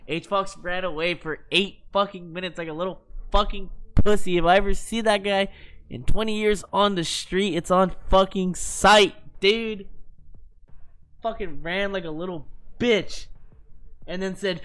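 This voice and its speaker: Brash, bright-voiced male streamer. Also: high-pitched, normal speed, clear, resonant tone. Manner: brash, profane trash talk. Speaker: game streamer. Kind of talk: casual live-stream gameplay chat.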